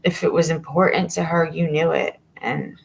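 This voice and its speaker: A woman's voice: low-pitched, steady tone, normal speed, gravelly, a little hiss or hum, low-quality recording. A woman speaking in a sighing, consoling way, remembering a friend in a memorial tribute.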